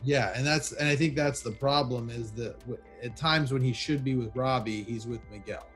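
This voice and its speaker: Male panelist, mid pitch, measured and thoughtful, hesitant fillers, faint background music. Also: fairly bright tone. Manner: measured and thoughtful, many ums and uhs. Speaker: podcast panelist. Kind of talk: casual discussion of a TV show.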